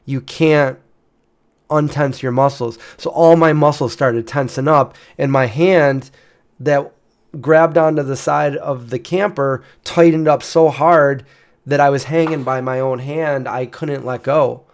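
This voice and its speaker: Guy in his 40s rambling through a story, mid pitch, lots of um and restarts. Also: fairly even intonation, a little slow. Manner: rambling, with frequent restarts and fillers. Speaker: channel host. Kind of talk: casual storytelling.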